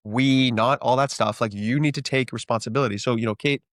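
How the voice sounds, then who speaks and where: A man's voice: medium pitch, fairly even intonation, fairly quick, fairly bright tone, no room sound, studio quality. A man co-hosting a marriage podcast, explaining steps in casual instructive talk and often checking in with "right?". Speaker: podcast co-host, marriage coach.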